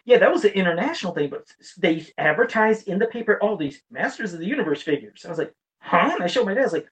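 A man chatting casually as a podcast co-host, telling rambling, animated stories. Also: high-pitched, distant mic, low-quality recording. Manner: rambling storytelling, quick and animated. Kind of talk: casual chat about toy collecting.

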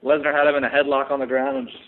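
A man's voice: mid-range voice, flat delivery. Man laughing through a tinny fight recap. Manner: laughs often, does quick mock impressions. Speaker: podcast co-host. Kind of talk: casual fight recap chat. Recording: tinny phone-like audio.

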